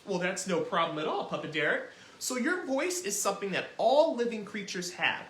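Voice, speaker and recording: A man hosting a children's music lesson, talking in an animated, encouraging way and demonstrating as he goes. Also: high-pitched, normal speed, roomy sound. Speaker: children's music teacher and host.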